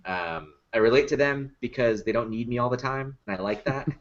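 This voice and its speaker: Chatting casually on a podcast, a puppet builder and performer tells stories full of fillers and quick laughs. He talks fairly fast in a mid-range voice, over lo-fi sound with slight background noise.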